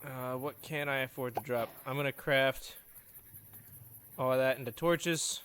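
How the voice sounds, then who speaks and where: A man's voice: mid-range voice, steady tone, unhurried, a bit bright, clear, resonant tone. A man hosting a gaming video, chatting to himself and his viewers as he plays. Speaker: gaming channel host. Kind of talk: let's play commentary.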